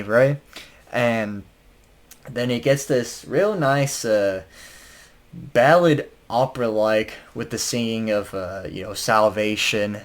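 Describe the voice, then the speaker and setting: A man's voice: medium pitch, slow. A man casually reviewing an album, rambling with lots of fillers and restarts and chuckling now and then. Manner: chuckles while talking.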